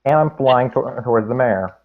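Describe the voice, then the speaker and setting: A man playing a tabletop game, excitable, often restarting his sentences. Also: medium pitch, moderate pace. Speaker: player. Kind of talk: casual tabletop play. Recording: phone-like thin audio.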